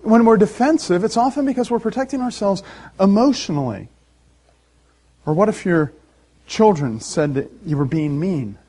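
A man pastor preaching a sermon, animated and emphatic, with dramatic pauses. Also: high voice.

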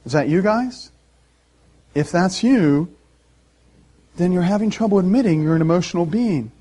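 A man pastor preaching a sermon, animated and emphatic, with dramatic pauses. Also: sits high.

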